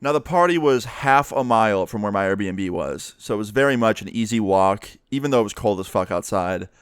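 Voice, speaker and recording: A young man from the New York area tells a personal story in a chatty, profane, animated way. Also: fairly low pitch, brisk, smooth, no echo, clean studio sound. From New York area, USA. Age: young adult. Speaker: vlogger. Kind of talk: casual storytime monologue.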